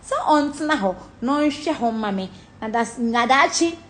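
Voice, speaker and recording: A woman's voice: on the high side, animated, moderate pace. A young woman with a Ghanaian accent gives a blunt, swearing home tour to camera, mixing Pidgin and Twi. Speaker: celebrity giving a home tour. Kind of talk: casual animated talk to camera.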